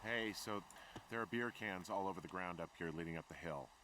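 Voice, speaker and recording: A man's voice: sits low, fairly quick, sharp tone, a little hiss or hum. An actor playing a curious male fire lookout reporting over a radio. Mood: puzzled. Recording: distant with faint outdoor ambience.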